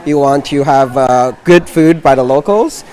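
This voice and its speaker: A man's voice: medium pitch, unhurried, warm tone. A man from a food tour company speaking on camera, hesitant, with many fillers.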